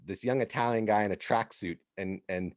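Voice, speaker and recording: A man's voice: fairly low pitch, a little fast, dry recording, studio quality. A man from the United States, co-hosting a podcast and telling a rambling story in a casual way. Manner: rambling, with frequent restarts and laughs. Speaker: podcast co-host.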